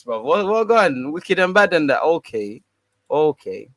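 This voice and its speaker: A man's voice: on the high side, very animated, measured pace, fairly bright tone, no room sound. A man hosting a fan channel, casually reading and answering viewer comments in a slangy, bantering way. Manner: slangy, laid-back, bantering.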